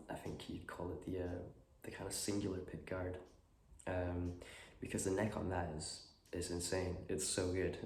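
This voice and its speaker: Sitting low in pitch, this man talks in a relaxed, halting way, leaning heavily on fillers while fighting a cold and clearing his throat. He's a guitar vlogger having a casual chat, captured in an echoey room with a faint noise floor.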